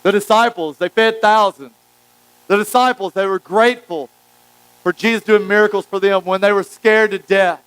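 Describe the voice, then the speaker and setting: Animated preacher, high clear voice. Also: male voice, normal speed, no room sound, poor audio. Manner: animated storytelling, acting out quotes. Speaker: pastor. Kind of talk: sermon.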